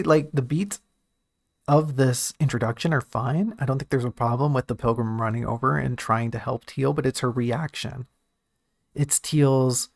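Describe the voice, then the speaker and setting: A man's voice: mid-range voice, gravelly, no room sound, studio quality. A man who writes and streams, talking casually and thinking aloud about a story draft, often restarting and correcting himself.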